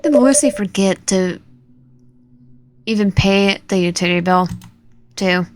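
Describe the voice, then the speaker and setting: A woman's voice: medium pitch, a little slow, long pauses, a little hiss or hum. Woman reading a horror game aloud. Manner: expressive, voicing the heroine's fear. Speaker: gamer. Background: game music.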